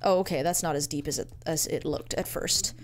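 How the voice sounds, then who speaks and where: A woman's voice: sits low, fairly quick, noisy background. A woman giving casual gameplay commentary, muttering to herself in a playful, easily amused way. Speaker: let's-play gamer.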